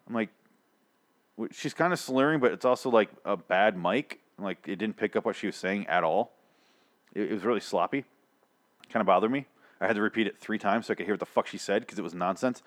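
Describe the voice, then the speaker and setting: A man's voice: on the low side, a little fast, fairly bright tone. Profane ranting man recapping a show. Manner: ranting, sarcastic, frequent swearing and fillers. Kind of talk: casual profane recap monologue.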